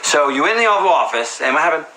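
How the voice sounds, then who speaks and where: A man's voice: a little high, sing-song, fast talker, bright, forceful tone, echoey room, a little hiss or hum, poor audio. An actor playing a pushy, rambling film director who keeps coaching another man in a comedy scene. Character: pushy fast-talking male film director.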